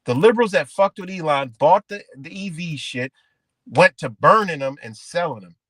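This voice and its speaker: A man hosting a livestream, ranting in a rambling, profane, animated way and calling his viewers guys. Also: a little high, moderate pace, dry recording. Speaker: livestream host. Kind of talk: casual livestream rant.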